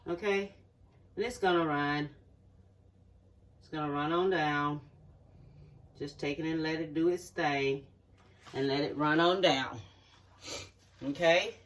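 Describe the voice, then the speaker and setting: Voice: medium pitch, fairly even intonation, takes it slowly, pauses often, a bit bright. A home cook walking viewers through a recipe in a folksy, chatty way, checking in often with the audience, in a home kitchen. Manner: folksy, chatty step-by-step instructions with frequent "okay?" check-ins. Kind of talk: cooking demonstration. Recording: voice distant from the mic.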